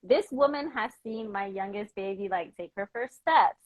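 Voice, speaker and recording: A woman's voice: mid-range voice, normal speed, dry recording, rough recording. A young adult woman from New York, chatting casually and expressively, acting out little quotes. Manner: expressive, quotes people, swears. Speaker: host. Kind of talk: casual chat.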